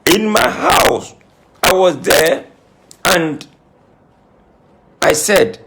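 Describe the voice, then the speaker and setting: Speaking extremely slowly in a high, creaky, animated voice, this man plays a self-styled spiritualist scolding the camera in an emphatic, repetitive rant. He claims to be crying, and there's noise in the background.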